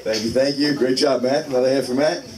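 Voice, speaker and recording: A man's voice: medium pitch, steady tone, fast talker. Casual man telling stand-up stories. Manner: self-deprecating, casual storytelling. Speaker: stand-up comic. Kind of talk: stand-up comedy set. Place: small live comedy venue. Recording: distant mic in a noisy room.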